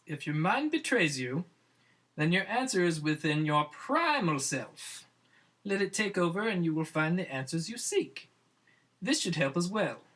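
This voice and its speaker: A man's voice: on the high side, very animated, unhurried, a bit bright, full character voice. A man putting on a mystic Jamaican witch doctor woman. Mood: mystical. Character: old female witch doctor, kindly, mysterious.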